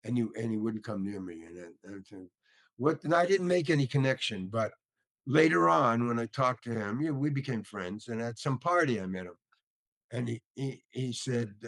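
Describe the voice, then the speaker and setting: A man's voice: medium pitch, expressive, moderate pace, a bit bright. An older man, an actor, telling rambling stories in a casual interview and acting out the other people's lines. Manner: rambling, many restarts. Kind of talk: casual storytelling.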